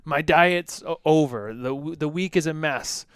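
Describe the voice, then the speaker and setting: A man co-hosting a casual fitness podcast as a coach, talking animatedly and acting out quotes in lively voices. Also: on the high side, unhurried, clear, resonant tone, no echo, studio quality.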